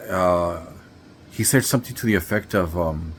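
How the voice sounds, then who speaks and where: A man's voice: sits low, moderate pace, a little hiss or hum. A man telling a story in a rambling, laid-back way, full of slang and fillers. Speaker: vlogger. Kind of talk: casual storytelling to camera.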